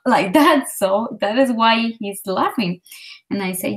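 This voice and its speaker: A woman from Colombia whose English carries a Colombian Spanish accent. She chats through a vivid story, piling on fillers as she goes. Her speaking voice sits at an ordinary mid pitch. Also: measured pace, low-quality recording. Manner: animated storytelling with many fillers. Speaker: language learner. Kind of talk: casual conversation practice.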